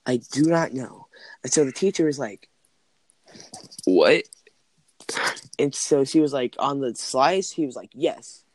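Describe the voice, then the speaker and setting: A man's voice: mid-range voice, normal speed, a little mellow, dry recording. Man, casual storytelling, rambling, filler-heavy, dry close sound. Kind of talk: casual chat, telling school stories.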